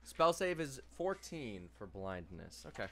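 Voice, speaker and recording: A man's voice: mid-range voice, big pitch swings, measured pace, pushed and bright. A young man running a tabletop game as game master, laughing often and rambling with fillers and restarts.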